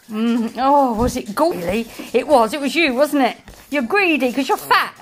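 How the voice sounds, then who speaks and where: High, sing-song woman scolding her dogs. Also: animated, measured pace. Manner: mock-scolding, sing-song baby talk to pets. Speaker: dog owner.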